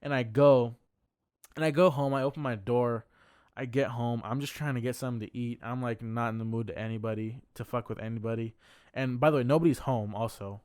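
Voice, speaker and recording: A man's voice: medium pitch, steady tone, brisk, darkish tone, smooth, dry recording, clean studio sound. A young man co-hosting a podcast, telling a long personal story in a casual, heavily profane, rambling way full of fillers. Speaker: podcast co-host.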